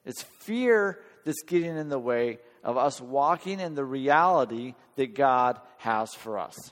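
In a church hall with long, echoing reverb, a man preaches a sermon earnestly and conversationally, often putting questions to his listeners. His mid-range voice is expressive and a bit bright, and he keeps a measured pace.

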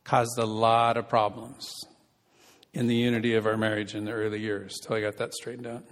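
A man's voice: fairly low pitch, completely flat delivery, brisk. A man preaching a sermon as pastor and counselor, conversational and asking the congregation questions. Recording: reverberant hall.

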